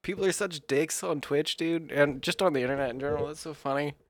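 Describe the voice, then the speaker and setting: A man's voice: on the high side, fast, slight background noise. A man chatting casually with a friend on a stream, swearing and joking. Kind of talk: casual chat.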